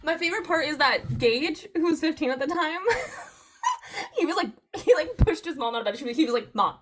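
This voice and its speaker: A young woman telling a long personal story in casual chat, animated, laughing often and filling her speech with "like". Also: high-pitched, a little fast, noisy background. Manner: animated, laughing, frequent "like" fillers.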